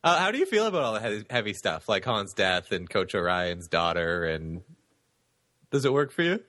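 A man co-hosting a casual movie podcast, joking, with sarcastic asides and quick laughs. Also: lowish voice, very animated, pushed and bright, no echo, studio quality. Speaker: podcast co-host.

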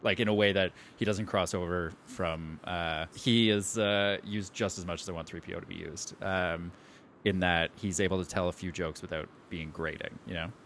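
A man's voice: deep voice, steady tone, moderate pace, a bit bright, a little hiss or hum. A man co-hosting a casual podcast, discussing movies hesitantly with many ums and restarts. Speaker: podcast co-host.

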